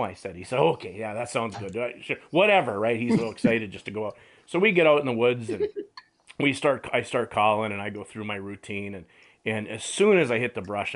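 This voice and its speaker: A middle-aged man telling a hunting story in a casual chat, acting out quotes and laughing often. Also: lowish voice. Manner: animated, laughing storyteller who acts out quotes. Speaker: radio show host, hunting guide.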